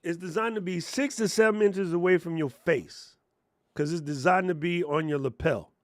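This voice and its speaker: At normal speed, a male streamer with a slightly high voice runs a casual livestream tutorial full of tech tips. His chest lapel mic gives a dry, close sound with no room sound. Sarcastic and ranting, he jokes, mimics people mockingly, and mutters calmly while working the computer.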